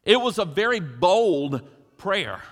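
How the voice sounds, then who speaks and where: A man's voice: high-pitched, big pitch swings, slow pace, a bit bright. A man preaching a sermon as pastor, emphatic and preacherly, putting questions to his congregation. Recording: long hall reverb.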